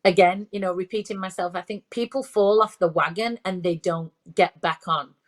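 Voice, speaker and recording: A woman's voice: fairly low pitch, normal speed. A woman in her fifties, a parenting expert, speaking in a conversational interview, full of restarts and fillers. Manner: repeats herself, frequent restarts and fillers.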